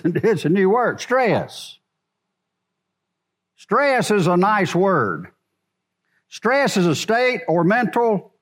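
A man preaching a sermon to a congregation in a church, asking rhetorical questions as he goes. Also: sits high. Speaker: pastor.

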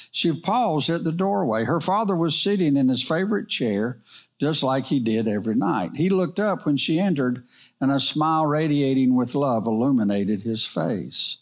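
A middle-aged man reading a moral story aloud in a gentle, earnest manner. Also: medium pitch, expressive, normal speed.

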